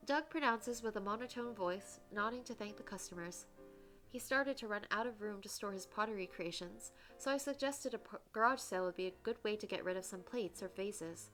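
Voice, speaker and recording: Bright-voiced woman reading a dating game. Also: medium pitch, a little fast, soft background music. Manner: gushing, giggly asides between narration. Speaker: let's play streamer reading a dating game aloud. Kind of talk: reading game dialogue aloud with her own comments.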